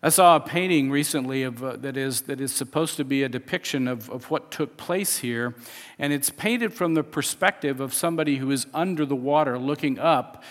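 A man's voice: medium pitch, moderate pace, big-room sound. A man preaching a sermon in a conversational way, often restarting and chuckling as he explains scripture. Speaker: pastor.

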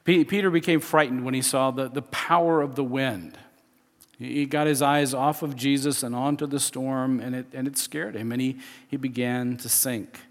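A man's voice: medium pitch, steady tone, moderate pace, big-room sound. A man preaching a sermon in a conversational way, often restarting and chuckling as he explains scripture. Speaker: pastor.

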